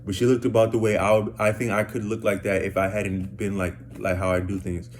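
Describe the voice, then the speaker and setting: Rambling, stammering man with a low voice. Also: level tone, fairly quick, slight background noise. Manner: stammering, repeats words, slangy. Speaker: vlogger. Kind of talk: rambling casual storytelling.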